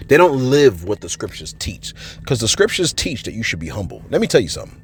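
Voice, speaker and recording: A man's voice: mid-range voice, big pitch swings, fairly quick. A man hosting a casual commentary show, reading out viewer comments and answering them in a slangy way, often adding "man" and "you know what I'm saying". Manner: slangy, playful asides.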